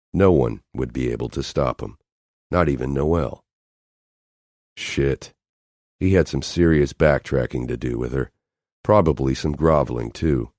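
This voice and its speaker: Very deep, gravelly male narrator. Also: darkish tone, no echo, studio quality. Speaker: audiobook narrator. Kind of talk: scripted narration.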